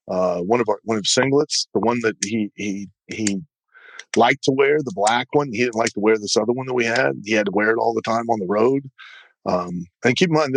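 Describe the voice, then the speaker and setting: A man's voice: on the low side, no room sound, rough recording. A man, a retired wrestler, recalling road pranks in a matter-of-fact way. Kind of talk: casual recollection.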